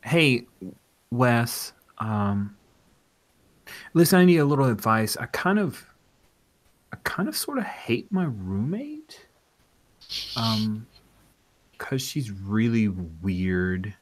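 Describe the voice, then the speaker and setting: A man's voice: mid-range voice, sing-song, takes it slowly, pauses often, pitched above the performer's own voice. A man voicing a young female college student calling a radio show with complaints. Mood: whiny.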